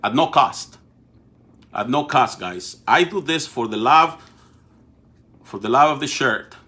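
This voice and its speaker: A man's voice: on the high side, sharp tone. A middle-aged man from Mexico with a Mexican Spanish accent, hosting a casual live political show and talking straight to viewers, often restarting and repeating words. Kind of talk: casual live-stream talk.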